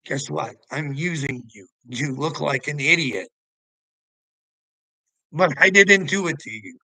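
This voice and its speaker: A man's voice: a little high, expressive, slow pace, pushed and bright, no echo, rough recording. A man rambling to his viewers in a casual monologue, preachy and taunting, jumping between topics and laughing to himself. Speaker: vlogger answering commenters.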